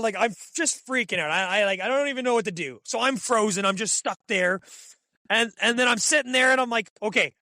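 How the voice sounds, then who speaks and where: A young man telling hunting stories as a podcast guest, in an excitable, animated way full of fillers. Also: sits high, a little fast, no echo. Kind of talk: casual storytelling.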